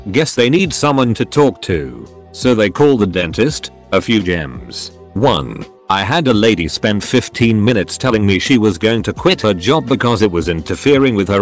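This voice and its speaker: A man with a fairly low voice narrating a run of stories from a script. His pitch rises and falls a lot as he reads. Soft music plays faintly underneath. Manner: reads stories aloud in a lively, storytelling way. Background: faint background music.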